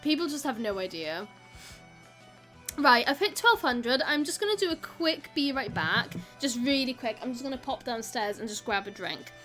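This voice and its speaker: A woman's voice: fairly high pitch, a bit bright. A young Welsh woman from South Wales chatting casually with her live stream audience, giggly and full of "like".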